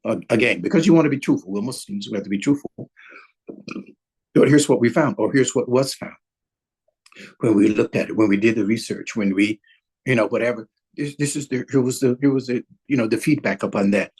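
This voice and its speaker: A male relationship coach leads a webinar lesson in a husky voice. He talks in a loose, conversational way, circling back over his words and slipping into quick example dialogue to make his points. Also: mid-range voice, a little mellow, poor audio. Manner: conversational, repeats and restarts phrases, acts out example dialogue. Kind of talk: webinar teaching session.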